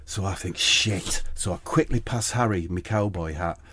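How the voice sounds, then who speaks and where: A man's voice: low voice, a little fast, a little mellow, a little hiss or hum. A man co-hosting a comedy podcast, telling an absurd story in a rambling way with sweary asides.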